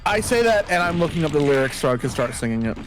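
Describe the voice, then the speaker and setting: A man's voice: on the high side, very animated, fast. A man joking and riffing as a guest in a casual gameplay chat, often trailing off. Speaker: guest co-streamer. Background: game music.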